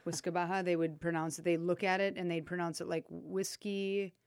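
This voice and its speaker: A woman's voice: lowish voice, little pitch movement, fast, smooth, no room sound, clean studio sound. A woman chatting casually as a co-host, explaining things with lots of fillers and little laughs. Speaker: co-host talking about drinks. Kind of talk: casual chat.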